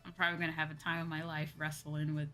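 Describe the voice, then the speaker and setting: A woman's voice: low-pitched, flat delivery, fast talker, sharp tone, faint music behind. A woman streamer chatting casually to her viewers, rambling and repeating herself with lots of fillers. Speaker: VTuber streamer.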